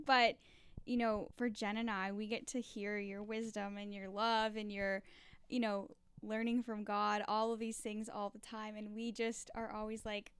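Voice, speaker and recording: A young woman co-hosting a podcast, chatting warmly and gratefully with a guest. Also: fairly high pitch, smooth, no echo. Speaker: podcast co-host. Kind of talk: casual podcast chat.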